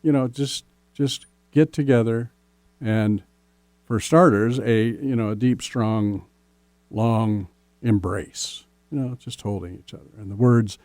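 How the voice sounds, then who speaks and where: A man hosting a relationship podcast as a coach, speaking gently and slowly, often ending points with "right?". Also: lowish voice, no room sound. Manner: gentle, slow, many "right?" tags. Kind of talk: casual podcast advice.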